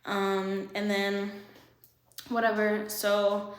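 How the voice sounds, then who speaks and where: A young woman vlogger telling a casual storytime, animated, swearing freely, with laughing asides. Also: medium pitch, drawn-out words. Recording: echoey room.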